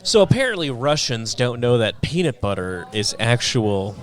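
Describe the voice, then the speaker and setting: A man's voice: mid-range voice, very animated, normal speed. A man co-hosting a casual group podcast, teasing the others in a playful emcee manner. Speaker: podcast co-host.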